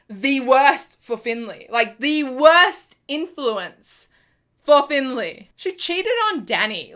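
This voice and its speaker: A woman's voice: fairly high pitch, bright, forceful tone. A young woman, chatting casually about a TV episode in a review vlog, full of fillers and exasperated restarts. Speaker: TV review vlogger.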